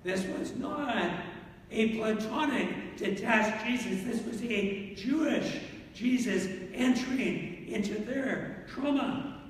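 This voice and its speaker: High-voiced man preaching in an echoey hall. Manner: animated preaching, reads scripture slowly in old wording. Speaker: pastor. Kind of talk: sermon. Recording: echoey hall from far off, faint noise.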